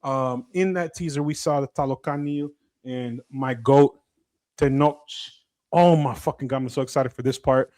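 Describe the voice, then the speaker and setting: A young man co-hosting a casual podcast, animated and loose with slang and swearing. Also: mid-range voice, moderate pace, no echo. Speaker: podcast co-host. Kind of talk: casual chat.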